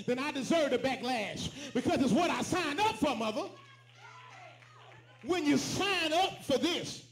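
A man with a very high voice preaches, calling out lines for the congregation to repeat and climbing into shouts. His rings through a roomy church sanctuary with plenty of echo. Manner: preaching with call and response, shouting at peaks. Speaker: pastor. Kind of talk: sermon. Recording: echoey church room.

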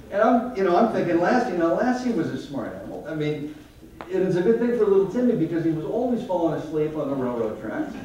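A man with a slightly high, mellow voice entertains a live audience in a large hall with a wry, self-deprecating talk about being a photographer. The mic is distant, the hall echoes, and there's slight background noise.

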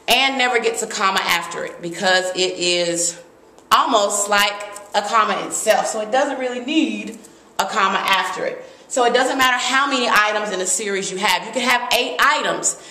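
Woman teacher, lively grammar lesson, crisp bright tone, roomy echo. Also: mid-range voice, normal speed. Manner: lively, emphatic, reads examples aloud. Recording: echoey room.

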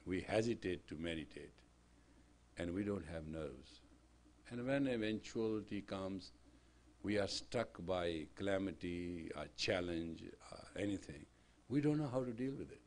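A man lectures a class, his voice leaping up and down in pitch as he drops quiet remarks and then rises to loud, emphatic declarations. He speaks in an old class recording. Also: animated, measured pace. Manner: tells stories with quoted dialogue. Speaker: yoga teacher. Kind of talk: spiritual lecture.

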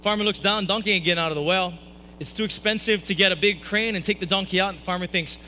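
A man's voice: high-pitched, fast, sharp tone, slight background noise, low-quality recording. A man preaching a sermon at a church service, telling stories in a playful, self-mocking way with jokey asides. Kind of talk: humorous sermon storytelling.

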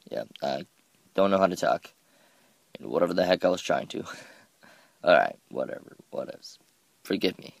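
A man's voice: deep voice, lively intonation, a little fast, gravelly, no room sound. A man giving casual, rambling game commentary, self-mocking and often stumbling over his words. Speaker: gameplay commentator.

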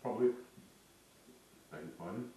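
A man explaining dog training in a plain, unhurried way as he works with his dog. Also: fairly low pitch, expressive, noisy background. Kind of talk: casual training demonstration. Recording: roomy, distant camera mic.

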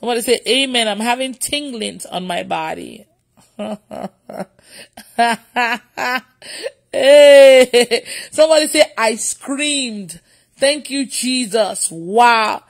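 A woman's voice: a little high, animated, takes it slowly, creaky, a bit bright. A woman preacher leading a livestreamed prayer session, who laughs often and repeats her phrases.

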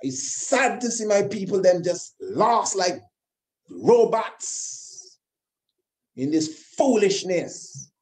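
A man's voice: high voice, big pitch swings, slow, a little mellow. A man delivering an impassioned monologue, emphatic and repetitive, firing rhetorical questions. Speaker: host of his own channel.

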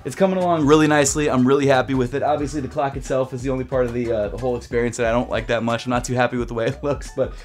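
A young man chatting excitedly and rambling as a vlogger, a little out of breath. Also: medium pitch, racing, few pauses, soft background music. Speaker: sneaker vlogger. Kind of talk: casual vlog chat.

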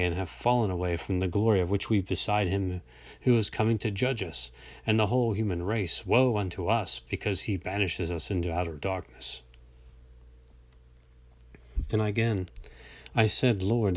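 A man reading an old religious text aloud in a slow, measured, solemn way, now and then stumbling over a word. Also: deep voice, a little mellow, no echo. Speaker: reader.

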